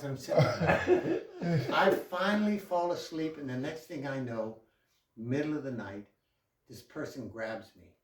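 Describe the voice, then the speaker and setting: Profane, animated man telling a story. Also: on the high side, echoey room, recorded from a distance. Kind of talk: casual storytelling.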